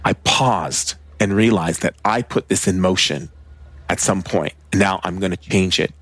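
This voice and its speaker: Deep-voiced man, rambling casual storyteller. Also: unhurried, fairly bright tone, breathy edge, dry recording. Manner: rambling, filler-heavy, conversational.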